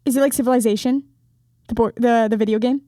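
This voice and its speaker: A young woman co-hosting a podcast, firing off quick, prodding questions to the others. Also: a little high, steady tone, warm tone, dry recording, studio quality. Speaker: podcast co-host. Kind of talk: casual debate chat. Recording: noisy off-mic podcast audio.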